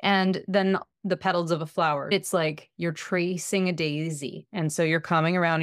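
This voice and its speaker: A woman's voice: lowish voice, steady tone, normal speed, few pauses, dry recording, studio quality. A woman podcast co-host and parent, explaining practical tips in a casual chat.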